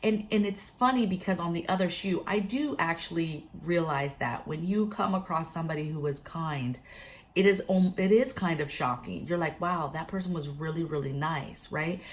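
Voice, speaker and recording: A woman's voice: on the low side, moderate pace. A woman telling a story and giving advice to camera in a casual, chatty prepping vlog, often speaking straight to her viewers. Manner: chatty, keeps addressing viewers directly. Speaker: prepping vlogger.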